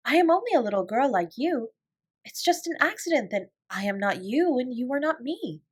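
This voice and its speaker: A woman voicing a kind, well-bred young girl who speaks softly and gently. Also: high-pitched, very animated, moderate pace, breathy edge, pitched above the performer's own voice, heavily acted. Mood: earnest. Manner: soft, gentle, reassuring.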